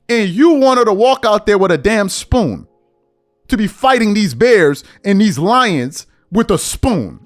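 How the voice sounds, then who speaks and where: A man's voice: high voice, big pitch swings, unhurried, no echo, studio quality, faint music behind. A man hosting an opinion commentary show, talking in an emphatic, slangy way and sometimes mocking others. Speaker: commentary host.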